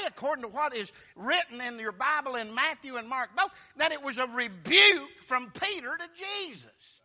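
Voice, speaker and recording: A male preacher giving a folksy, animated sermon and acting out the scripture characters. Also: extremely high pitch, moderate pace, hardly any pauses.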